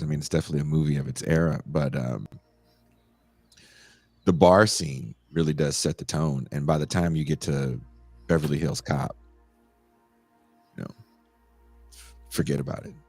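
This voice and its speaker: A man's voice: rumbling low, no echo, faint music behind. A man hosting a podcast, chatting casually and animatedly about old movies. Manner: animated, laughing, quick asides. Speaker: podcast host.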